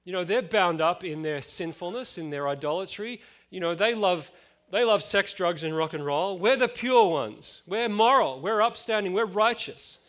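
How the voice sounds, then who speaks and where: A man's voice: high voice, expressive, normal speed, fairly bright tone, voice pushed up. A man putting on the voice of smug, self-righteous religious men boasting of their purity in a mocking tone.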